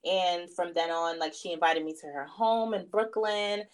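Animated storytelling woman stylist. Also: lowish voice, normal speed. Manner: animated, acts out quotes, many fillers like "like" and "um". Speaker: fashion stylist, guest. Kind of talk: casual interview storytelling. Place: New York area.

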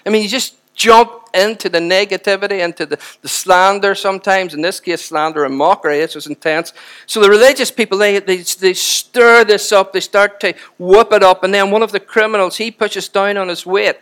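A man preaching a sermon with impassioned, animated emphasis. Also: high-pitched, fairly quick, clean tone.

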